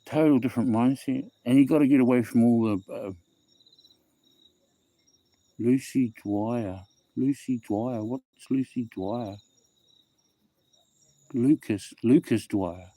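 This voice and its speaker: Taking it slowly and pausing often, a middle-aged man with a New Zealand accent talks in a warm, mid-range voice with no room sound. He is hosting a casual phone livestream, rambling and repeating himself as he reads viewers' comments aloud, with plenty of "bro" and "eh."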